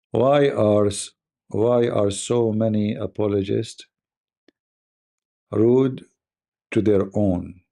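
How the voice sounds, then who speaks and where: A man rants through a casual livestream, mocking and emphatic, breaking into laughter as he goes. His English grammar is non-native. The voice is dark and mellow, with a gravelly rasp at the bottom, at an ordinary male pitch. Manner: mocking, emphatic, laughs often while talking. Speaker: livestream host. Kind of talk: casual ranting commentary.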